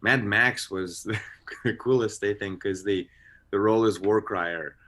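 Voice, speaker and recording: A man's voice: fairly low pitch, unhurried, a bit bright. A man chatting as an actor guest on a video-call interview, rambling with many restarts. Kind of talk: casual interview chat.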